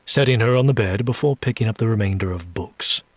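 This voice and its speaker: Deliberate first-person story narrator, a man with a low husky voice, recorded dry and close. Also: dry recording. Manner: slow, deliberate, low reading with menacing asides. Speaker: story reader.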